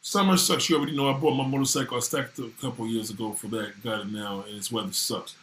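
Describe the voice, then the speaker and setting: A man ranting casually to viewers, animated and swearing freely. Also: medium pitch, fast talker, a little hiss or hum. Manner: animated, swearing, voices others in quotes. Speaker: vlogger talking to viewers. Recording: echoey room.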